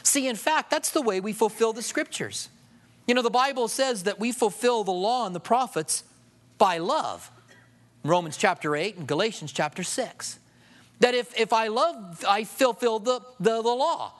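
A man with a notably high voice preaching to his congregation. He talks to them plainly and conversationally, tossing out rhetorical questions. When he voices a prayer, he drops soft and low. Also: animated, moderate pace. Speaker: pastor. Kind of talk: sermon.

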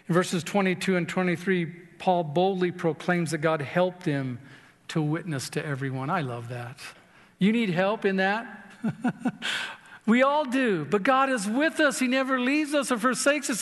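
A man's voice: high voice, long reverb tail. A man preaching a sermon, earnest and direct, urging listeners with rhetorical questions. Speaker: pastor.

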